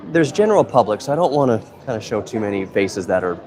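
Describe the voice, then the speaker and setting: A man's voice: lowish voice, very animated, quick pace, background noise. A man hosting a casual live stream for a museum, thinking aloud in an easygoing, rambling way. He is speaking into a phone camera in an indoor museum hall with members of the public nearby. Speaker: museum content creator and live stream host.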